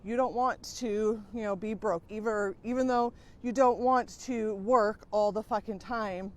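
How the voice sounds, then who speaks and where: A woman's voice: mid-range voice, fairly even intonation, a little slow, darkish tone. Frank, swearing woman life coach. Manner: frank, swears casually, many fillers. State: out of breath. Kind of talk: casual monologue to camera.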